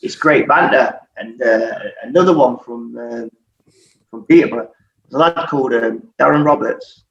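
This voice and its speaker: With vocal fry in his mid-range voice, a middle-aged ex-footballer chats casually at a normal speed, telling lively stories peppered with swearing and laughter. The recording is faintly noisy, and sounds distant, dull and echoey.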